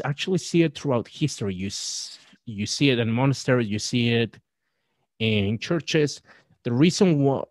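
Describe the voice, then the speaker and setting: A man appearing as a podcast guest, talking in a halting, scholarly way with frequent restarts. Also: medium pitch, no room sound. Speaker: guest, Catholic writer and presenter. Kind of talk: podcast discussion.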